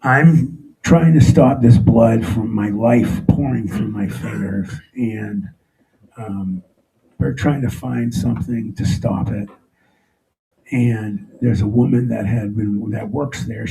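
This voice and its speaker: Middle-aged male storyteller at a live talk, with a dark, gravelly tone and a halting, emotional delivery. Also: on the low side, fairly even intonation, rough recording. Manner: emotional, halting, with frequent restarts. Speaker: speaker telling his own story. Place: stage before a live audience.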